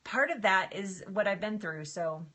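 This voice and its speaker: A middle-aged woman chatting casually on a live stream, emotional and quick to laugh, answering viewer comments. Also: medium pitch, animated, sharp tone. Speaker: livestream host.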